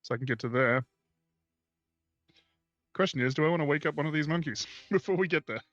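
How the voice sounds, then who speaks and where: A man playing a tabletop game, wry and quick to laugh at his own jokes. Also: on the high side, a bit bright. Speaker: player. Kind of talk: casual tabletop play. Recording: dull lo-fi stream audio.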